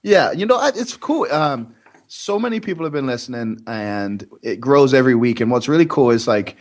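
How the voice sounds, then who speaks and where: A man co-hosts a podcast in a relaxed, friendly way, filling his talk with ums and uhs as he welcomes the audience. His pitch is an ordinary middle range for a man. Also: moderate pace. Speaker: podcast co-host. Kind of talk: casual podcast chat.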